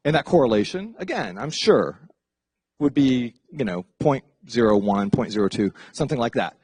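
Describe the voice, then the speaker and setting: A middle-aged man giving a casual classroom lecture as a psychology professor, chatty and animated, often slipping into playful voices for asides. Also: medium pitch, normal speed, slightly rough, dry recording.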